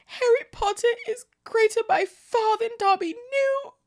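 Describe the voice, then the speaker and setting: A woman voicing a shrill, excitable male house-elf servant who speaks of himself by name, in a storybook read-aloud. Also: unhurried. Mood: shrill joy.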